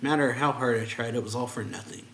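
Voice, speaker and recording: A man reading aloud the lines of a calm, scheming teenage girl, a little higher and louder than his own voice. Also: quick pace, roomy sound, slight background noise, natural voice.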